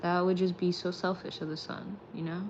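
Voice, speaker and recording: A woman's voice: fairly low pitch, fairly quick, muffled recording, a little hiss or hum. Rambling woman chatting in a car. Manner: rambling, animated, swears freely. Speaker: streamer and vlog host. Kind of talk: casual late-night chat. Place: inside a car at night.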